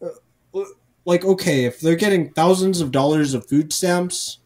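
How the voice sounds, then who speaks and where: Slow-talking guy cursing a lot on a comedy podcast, lots of restarts. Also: fairly high pitch, darkish tone. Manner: profane, rambling, frequent false starts. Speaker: podcast co-host. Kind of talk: casual comedic podcast chat.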